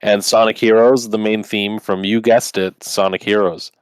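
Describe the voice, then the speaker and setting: A man's voice: on the low side, little pitch movement, normal speed, clear, resonant tone, dry recording. A man co-hosting a podcast in casual chat, running the bracket and arguing his opinions with lots of "like".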